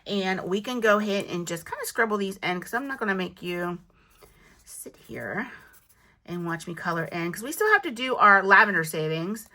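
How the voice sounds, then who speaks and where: A woman with a clear, bright voice talks casually to her viewers while counting money aloud. She is chatty and pokes fun at herself, and her voice sometimes sinks nearly to a whisper as she counts. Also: mid-range voice, lively intonation, a little fast, hardly any pauses. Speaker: budgeting vlogger.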